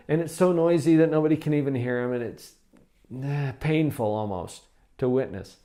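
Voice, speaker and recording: A man with a fairly high voice walks through a countdown of classroom strategies. His delivery is calm and measured, and he slows down to stress key points. When he quotes someone, his pitch jumps up. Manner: calm, measured, emphatic teaching tone; acts out quoted speech with big pitch jumps. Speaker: presenter on behaviour management. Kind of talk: scripted countdown talk.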